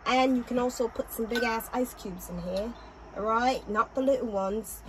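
A woman co-hosting a reaction show from home in casual chat. Her voice is a bit high, she bosses and teases her partner, and a faint room hiss sits under her words. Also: moderate pace. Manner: bossy, teasing, swears casually. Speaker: co-host of a reaction channel.

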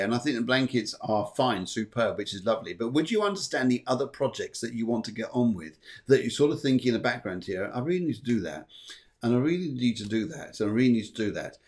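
A man hosting a live psychic show, giving readings in a chatty, rambling way, correcting himself often and joking between readings. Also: medium pitch. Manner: rambling, self-correcting, jokey, many fillers. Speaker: psychic medium and show host.

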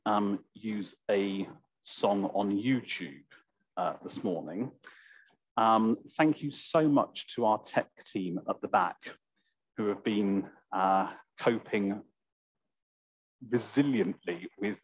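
A man preaching a sermon in church, slow and reflective, with a slightly croaky voice. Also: on the low side, no echo. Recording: dull, lo-fi church recording.

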